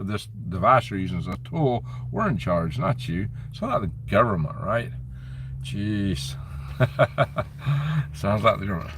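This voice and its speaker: Man, gravelly low voice, bright edge, casual live stream host reading comments, a bit off the phone mic. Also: far from the mic, a little hiss or hum. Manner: reads out viewer comments and locations; chatty, grumbling asides.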